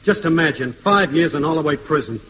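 A man's voice: on the high side, a little fast, a bit bright, slight background noise, natural voice. A man playing a wisecracking Australian crook. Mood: wry. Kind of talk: vintage radio comedy acting. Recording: echoey dull old radio recording.

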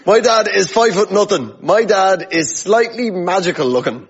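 A man's voice: high voice, expressive, moderate pace, heavy background noise. A man with an Irish accent doing wry storytelling stand-up in front of a studio audience. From Ireland. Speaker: stand-up comedian. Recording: muffled audio, studio audience.

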